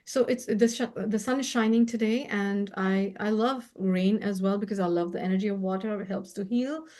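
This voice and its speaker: A woman, a spiritual healer and co-host, talking in a gentle, effusive way and laughing often in a casual heartfelt conversation over a video call. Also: medium pitch, steady tone, moderate pace.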